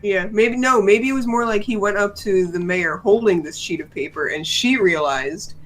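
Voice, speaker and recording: A woman's voice: mid-range voice, normal speed. A woman co-hosting a casual podcast, chatting and laughing often as she reviews a cartoon episode. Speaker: podcast co-host.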